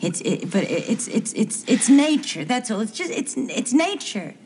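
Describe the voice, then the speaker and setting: An actress playing an earnest, confused housewife in a 1970s TV soap, speaking in a hesitant, stammering way. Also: female voice, on the high side, very animated, moderate pace, darkish tone, slight background noise.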